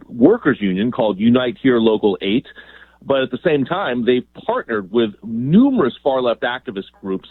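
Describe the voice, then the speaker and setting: A man calling in as a journalist guest on a radio show, talking emphatically and quickly with fillers. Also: medium pitch, no echo. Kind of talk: phone-in radio interview. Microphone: phone. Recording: tinny phone line.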